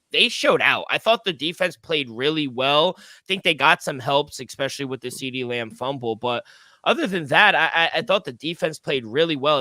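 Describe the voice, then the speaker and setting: A man's voice: a little high, bright, forceful tone, no room sound. A man co-hosting a sports betting podcast, talking emphatically and swearing freely as he gives his picks. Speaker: co-host.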